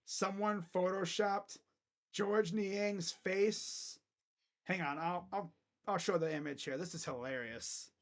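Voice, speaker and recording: Loud, crude young sports fan man. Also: high-pitched, steady tone, slow pace. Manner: blunt, crude joking with loud bursts. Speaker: sports channel host. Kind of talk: casual live game reaction. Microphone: webcam setup.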